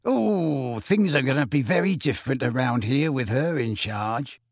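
A man's voice: mid-range voice, animated, moderate pace, creaky, no echo. Wheezing nasty old caretaker, gloating, leering, put on by a male reader, dry sound.

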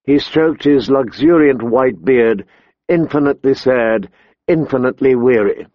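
A man narrating an audiobook in a slow, measured way. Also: mid-range voice, no room sound, dull audio. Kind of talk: scripted narration.

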